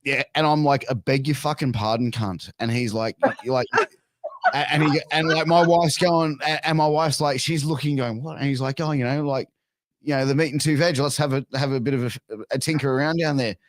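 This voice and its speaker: A man's voice: on the high side, fairly quick, no room sound. A man in his thirties with an Australian accent, telling a crude story in casual chat and swearing a lot. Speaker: podcast guest.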